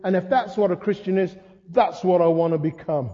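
An older man preaching a sermon, telling stories with humor and lively asides. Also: high-pitched, fairly quick. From England. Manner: storytelling, humorous, animated asides. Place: church hall. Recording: muffled sound in a reverberant hall.

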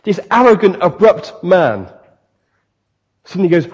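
Preacher in a reverberant hall. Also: male voice, high voice, moderate pace, breathy edge. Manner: animated, acts out quoted voices. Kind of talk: sermon. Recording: dull, long-reverb hall.

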